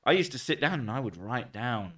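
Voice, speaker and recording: A man's voice: mid-range voice, very animated, brisk, far from the mic, a crowd in the background. A man streaming live, chatting casually, swearing often and laughing between rambling thoughts. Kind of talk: casual livestream chat.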